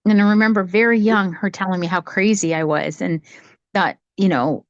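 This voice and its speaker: A woman talking casually from home on a video call, telling a childhood story in a rambling, animated way with many restarts. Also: medium pitch, moderate pace, no room sound, muffled recording. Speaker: psychic medium sharing her story. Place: home, cat nearby.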